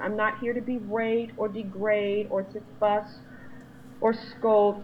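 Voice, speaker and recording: A woman vlogger talking straight to camera in a lecturing, emphatic way, with her pitch jumping high when she is exasperated. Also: measured pace, a little mellow, muffled recording, a little hiss or hum. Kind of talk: to-camera monologue.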